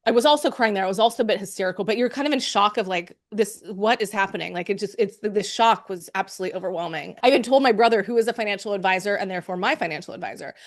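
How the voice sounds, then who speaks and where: A young adult woman with a medium-pitched voice talks very fast with few pauses, candidly telling her own story of living with cancer. She's chatty and emotional, often quoting in reported speech what other people said to her.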